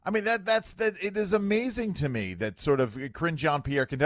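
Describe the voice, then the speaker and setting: A man hosting talk radio, his pitch swinging widely as he riffs on clips with a wry edge. The studio sound is dry and close. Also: a little fast, few pauses, no room sound. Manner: wry, animated, filler-heavy. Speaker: radio talk show host. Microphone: studio microphone.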